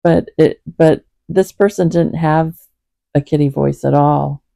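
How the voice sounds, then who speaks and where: A woman hosting a Bible reading for her cats, praying and chatting in a gentle, soft-spoken, rambling way at home. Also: low voice, steady tone, unhurried, vocal fry, no room sound. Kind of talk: prayer and casual chat to camera.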